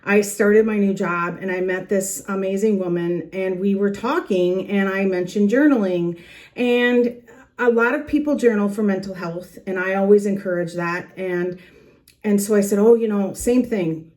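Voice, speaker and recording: Middle-aged woman host, earnest and chatty, mid-pitched, talking to camera at home. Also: moderate pace, darkish tone. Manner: earnest, chatty, with small laughs and restarts. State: a little out of breath. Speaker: journaling channel host. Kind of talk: casual heartfelt talk to camera. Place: home planner room. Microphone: camera facing her.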